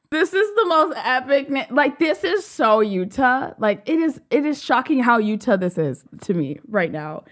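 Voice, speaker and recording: A woman's voice: sits high, very animated, moderate pace, few pauses. A woman hosting a music video reaction, gushing and exclaiming often. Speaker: YouTube reaction host.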